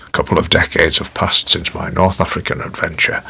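A man narrating a novel in a wry, theatrical storytelling manner with a gravelly voice. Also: deep voice, level tone, fairly quick, sharp tone, in a whisper. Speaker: audiobook narrator.

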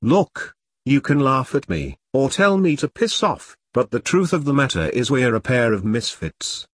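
A narrator as a wry weary ex-soldier. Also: male voice, medium pitch, sing-song, measured pace, no room sound. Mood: hesitant. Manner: wry, hesitant. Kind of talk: audiobook character reading.

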